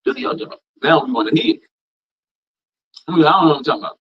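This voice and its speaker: A man's voice: on the high side, sing-song, quick pace, a little hiss or hum. A man preaching an informal scripture class, reading verses and riffing on them in a folksy, repetitive vernacular. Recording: dull lo-fi sound.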